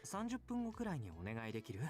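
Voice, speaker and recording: A man voicing a smooth, soft-spoken young mafia man in a video game, teasing and sometimes dropping to a whisper. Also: medium pitch, wildly swooping pitch, racing, faint music behind. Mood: gentle teasing. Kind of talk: Japanese video game voice acting.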